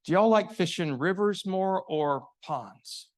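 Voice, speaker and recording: A man's voice: high voice, animated, slow pace, voice pushed up. A man doing a courteous fishing guide. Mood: polite. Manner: friendly, asking questions. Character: polite, attentive male fishing guide.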